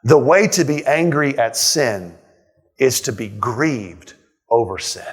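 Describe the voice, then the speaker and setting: A man's voice: mid-range voice, animated, takes it slowly. A male pastor preaching a sermon in a church, emphatic, repeating key lines and asking rhetorical questions. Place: church sanctuary.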